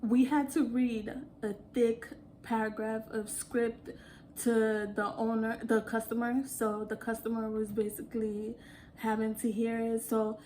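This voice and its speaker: A woman telling casual storytime anecdotes in an animated way, often laughing and acting out what people said. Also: on the high side, unhurried, a little hiss or hum. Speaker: vlogger.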